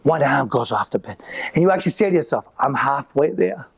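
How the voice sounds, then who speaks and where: A middle-aged man performing live stand-up comedy, telling animated stories and acting out voices. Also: on the high side, fast talker, gravelly, husky. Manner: animated storytelling with acted-out voices. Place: live venue with an audience.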